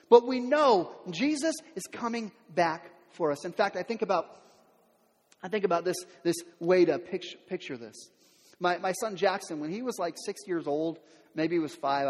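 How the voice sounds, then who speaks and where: A middle-aged male pastor preaching in a church, his voice high for a man. He talks in a loose, conversational way, restarting and repeating words, then rises to loud, emphatic peaks. The sound carries a long reverb from the large room. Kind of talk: sermon. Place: church sanctuary.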